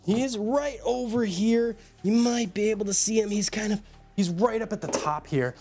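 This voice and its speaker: A man's voice: high-pitched, normal speed, background noise. A man casually chatting on a live stream from a room at home, rambling as he greets viewers by name. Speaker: live streamer showing his pet enclosures.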